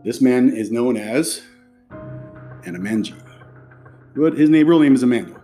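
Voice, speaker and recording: Mellow-voiced chatty male podcast host. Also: medium pitch, animated, normal speed, soft background music. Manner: chatty and effusive, with loose restarts. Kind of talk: casual podcast chat.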